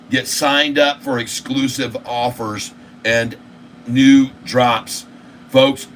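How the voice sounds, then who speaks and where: A man's voice: medium pitch, bright, forceful tone. Insistent man rattling off stock prices. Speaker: channel host. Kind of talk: live stock market commentary. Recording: distant mic with faint air conditioning hum.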